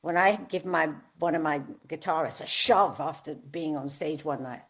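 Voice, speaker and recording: A woman's voice: deep voice, moderate pace. A woman in her seventies, a guest singer telling stories in a candid podcast interview and acting out the people she quotes. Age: 70s. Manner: lively storyteller, acts out quoted voices.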